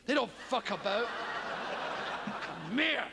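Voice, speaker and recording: A man's voice: very high voice, takes it slowly, gravelly, long reverb tail. A man doing a stand-up comedy routine, swearing freely and acting out the people in his stories. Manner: animated, sweary, acts out voices. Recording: live stage recording with background noise.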